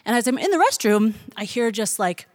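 A young woman with a voice on the high side speaks briskly, recounting a funny personal anecdote to an audience. She's animated, laughs and imitates excited voices, and the recording is dry.

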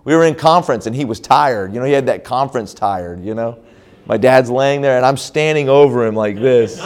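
A man in the pastor's role tells his story at a church conference in a mid-pitched voice. He speaks in sermon-testimony fashion, restarting often and leaning on fillers as he goes. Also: darkish tone.

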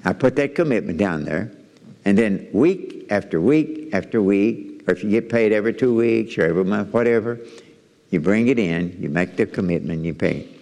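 A man preaching a sermon, animated, repeating phrases and restarting words as he goes. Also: lowish voice. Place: church. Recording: echoey hall reverb.

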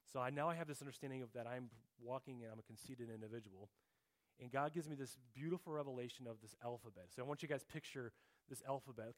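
A middle-aged male pastor delivers a sermon in a casual, conversational manner. He speaks at a mid pitch, addresses the room as guys, and often stops to restart his phrases.

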